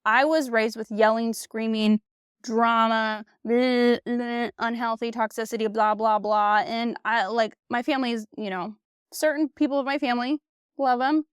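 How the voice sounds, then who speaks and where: A woman in her thirties hosts a solo podcast, speaking with a somewhat high, smooth, clear voice. She is candid and blunt, swears freely, and leans on "like" and "you know". The sound is dry and close, with no room in it. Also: steady tone, moderate pace, no room sound. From United States. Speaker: podcast host. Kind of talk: casual solo podcast monologue.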